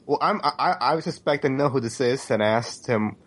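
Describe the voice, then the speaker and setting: A man's voice: mid-range voice, moderate pace, husky. A man playing a tabletop game, hesitant and stammering, laughing often. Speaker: player. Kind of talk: tabletop role-play.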